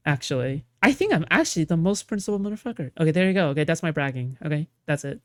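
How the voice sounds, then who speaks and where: A woman's voice: deep voice, big pitch swings, fast talker, few pauses, no echo. A woman streaming, talking casually in a sarcastic, mocking way with rambling asides. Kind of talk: casual reaction stream chat.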